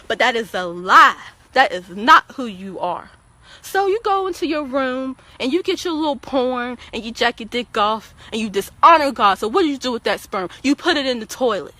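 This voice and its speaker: A woman speaks on a casual livestream with a bright, forceful voice pitched somewhat high. She lectures her viewers in an emphatic, preachy tone. She often stumbles and repeats a word as she starts a sentence. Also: animated, normal speed, no echo. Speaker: guest on a livestream talk show. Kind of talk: casual opinionated livestream talk.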